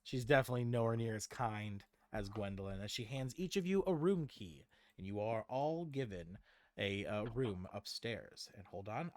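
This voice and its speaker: A man narrating a tabletop game as game master, halting with many fillers. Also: lowish voice, dry recording.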